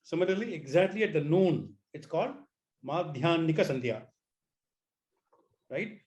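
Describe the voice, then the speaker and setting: A man's voice: on the high side, animated, normal speed, darkish tone. Man teaching an online class. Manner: repeats words, asks students to try sounds.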